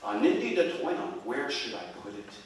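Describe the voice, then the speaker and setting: A man's voice: mid-range voice, animated, moderate pace, slight background noise, natural voice. A man voicing a wise, teasing old grandfather with a patient, playful manner, recorded from far off in an echoey hall. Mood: solemn.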